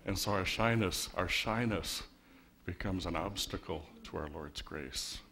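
Background noise runs under this male pastor's sermon as he talks from a church sanctuary. He takes his time in a low voice, staying wry and conversational while tossing rhetorical questions to the congregation.

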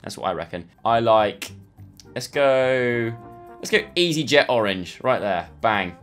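A man's voice: mid-range voice, expressive, a little slow, a bit bright. Young man, casual self-mocking quiz commentary, light music bed behind. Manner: chatty, self-mocking, thinks aloud. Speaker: YouTuber. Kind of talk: casual commentary playing online quizzes.

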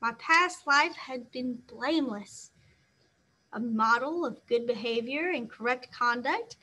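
A woman's voice: fairly high pitch, unhurried, pushed and bright. A woman reading as a guilt-stricken old swan. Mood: anguished. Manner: earnest, self-reproaching.

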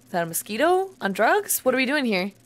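A woman's voice: on the high side, sing-song, fast talker. A woman hosting an anime reaction, exclaiming, laughing and swearing as she watches, with the show's music playing behind her. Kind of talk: casual live reaction commentary. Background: anime episode audio with music.

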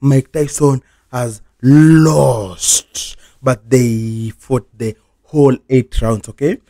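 A man's voice: medium pitch, fairly even intonation, very slow, warm tone. A man hosting a reaction video, venting in a casual, repetitive rant and chanting the same complaint over and over.

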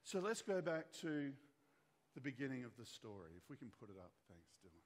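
A man's voice: medium pitch, big pitch swings, a little fast. A man preaching a sermon as pastor, retelling a story and acting out the voices of its characters. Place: church hall. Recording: long church hall reverb.

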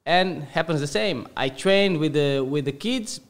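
A man, a podcast guest telling a childhood football story in halting English with many self-corrections. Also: a little high. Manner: halting non-native English, lots of self-repair. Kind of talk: casual storytelling.

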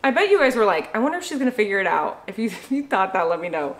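A young woman vlogging at home, chatting excitedly as she unboxes gifts and gushes over them. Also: mid-range voice, very fast. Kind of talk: casual unboxing vlog.

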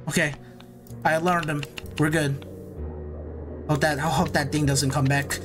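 Over background music, a young gaming YouTuber plays a horror game and comments nervously, repeating himself and hyping himself up. His voice is a little high, with a level, unhurried tone.

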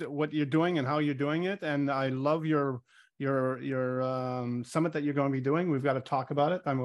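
A man from Canada chats on an online networking call, pausing often and repeating words as he finds his point. His voice sits at an ordinary middle pitch. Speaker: guest. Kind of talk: casual call chat.

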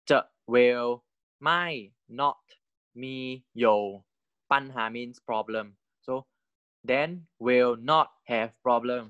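A man teaching a language online, explaining slowly and mixing in words from other languages. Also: mid-range voice, a bit bright, smooth, dry recording, dull audio. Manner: slow explaining, mixing in Thai and Chinese words.

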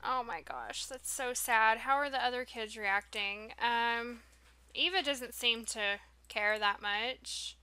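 A woman's voice: a little high, slow, pushed and bright, clean tone, faint music behind. A woman doing casual gameplay commentary, reacting with dismay and talking to the characters on screen. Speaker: let's play host.

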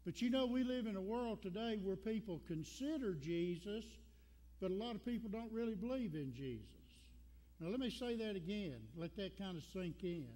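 A man with a Southern American accent delivers a Sunday sermon, his voice sitting high. He tells folksy stories and repeats key lines for emphasis. The sound carries a long church reverb. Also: lively intonation, normal speed, dark tone. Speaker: pastor. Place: church sanctuary.

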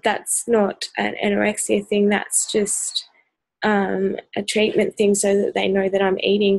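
An exhausted Australian woman talks straight to camera in a personal vlog, her voice low on energy and gravelly with fry. She speaks in a flat, even line, stopping often on ums as she searches for words. The sound is dry and close. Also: dry recording, low-quality recording. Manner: hesitant, full of ums, earnest. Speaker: vlogger.

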